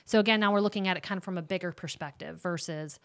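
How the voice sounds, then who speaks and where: A woman's voice: lowish voice, fast talker, no room sound. A woman, giving direct, casual faith-based parenting advice as a ministry counselor. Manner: warm, direct, talks straight to moms.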